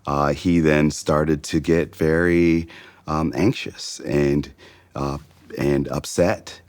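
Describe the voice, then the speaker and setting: Very deep-voiced father, dry sound. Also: steady tone, darkish tone, no echo. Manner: halting, with many fillers. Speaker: parent. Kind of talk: personal account in an interview.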